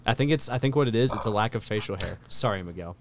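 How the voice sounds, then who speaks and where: A man co-hosting a podcast, telling a story in casual chat, animated, with many restarts. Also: lowish voice, fast, a crowd in the background. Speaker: podcast co-host.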